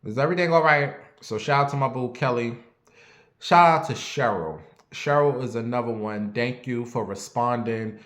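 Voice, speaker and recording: A man hosting a casual livestream, giving shout-outs to viewers in an animated, rambling way. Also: medium pitch, normal speed. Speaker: livestream host. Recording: echoey room.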